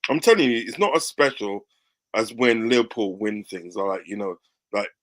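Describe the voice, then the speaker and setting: A man's voice: fairly low pitch, animated, normal speed. A man in casual football chat, enthusiastic and often asking "do you know what I mean".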